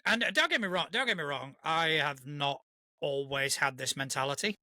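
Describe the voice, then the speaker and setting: A man's voice: a little high, normal speed, pushed and bright, no echo, clean studio sound. A man co-hosting a casual live-streamed podcast, earnest and reflective, often restarting with "you know". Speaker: podcast co-host.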